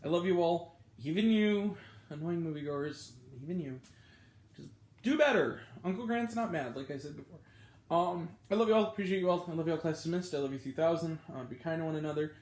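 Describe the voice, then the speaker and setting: A man hosting his own movie review vlog, talking casually and ranting with pitch jumping up when annoyed. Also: a little fast, darkish tone, roomy sound.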